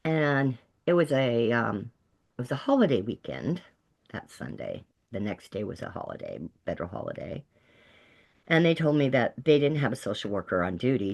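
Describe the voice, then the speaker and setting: A woman's voice: a bass voice, a little mellow. A middle-aged woman from Texas, a peer support specialist, giving an earnest and emphatic personal testimony. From Texas, USA.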